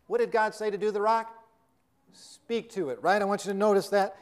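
A man's voice: sits high, fairly even intonation, moderate pace. A man preaching a sermon, telling a story earnestly and quoting scripture.

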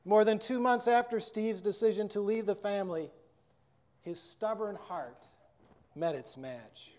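A preacher telling a story and then giving a sermon in an earnest, measured way. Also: male voice, high-pitched, a little mellow.

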